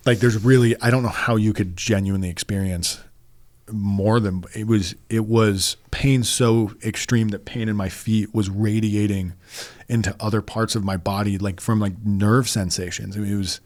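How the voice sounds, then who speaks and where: Male guest, lower voice, halting and rambling storyteller, dry studio. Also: steady tone, darkish tone, no echo. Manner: rambling, halting, with many restarts and fillers. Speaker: podcast guest. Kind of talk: casual storytelling interview.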